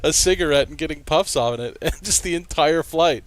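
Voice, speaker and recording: A man's voice: fairly high pitch, a little fast, no echo. A man co-hosting a sports talk show, telling a story in a rambling way full of "like" and "uh". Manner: rambling, lots of "like" and "uh". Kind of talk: casual storytelling on air.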